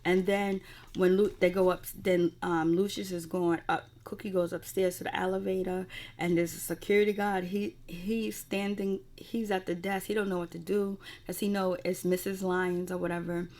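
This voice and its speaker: A woman's voice: lowish voice, flat delivery, moderate pace, darkish tone. A woman casually recapping a TV episode in a rambling, profane way with lots of fillers. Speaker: TV recap reviewer.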